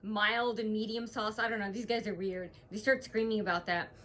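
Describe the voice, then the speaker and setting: A woman's voice: medium pitch, steady tone, moderate pace, a bit bright. A woman vlogging at home, rambling through an aggrieved retelling full of hesitations. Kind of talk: casual to-camera vlog monologue.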